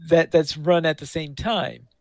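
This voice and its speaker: A man chatting on a gaming podcast, his voice sitting a little high. He talks in a halting way and restarts his sentences often. The sound is dry and close. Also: fairly even intonation, darkish tone, dry recording. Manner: halting, repeats words while thinking. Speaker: podcast co-host. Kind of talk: casual chat.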